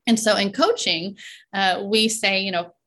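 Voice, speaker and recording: A woman coach talking in a relaxed podcast conversation, often checking in with "right?" and laughing between points. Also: mid-range voice, a little slow.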